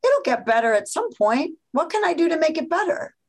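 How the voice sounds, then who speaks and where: A woman voicing a gentle mother comforting a hurt child in a tender, cooing sing-song. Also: high voice, big pitch swings, fairly quick, pitched above the performer's own voice. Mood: soothing.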